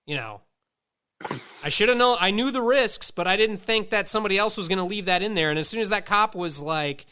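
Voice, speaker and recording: Guy late 30s swearing his way thru old stories, bright clear voice, does all the voices. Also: high-pitched, moderate pace. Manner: profane, animated, acts out quoted voices. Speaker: podcast host. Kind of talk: casual storytelling chat.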